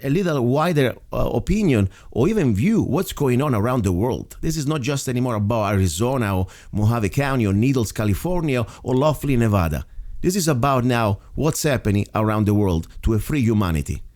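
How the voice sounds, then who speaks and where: A man with an Italian accent, from Italy, hosts a local talk radio show. His voice is medium-pitched, animated, brisk and a little mellow, and he speaks earnestly while rambling between points.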